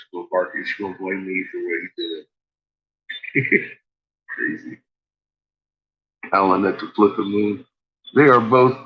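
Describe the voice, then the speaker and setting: This male vlogger has a fairly low pitch and a sharp tone. Chatting casually at home, he swears heavily, laughs a lot, and addresses his barking dogs, captured in a dull lo-fi home recording with faint noise.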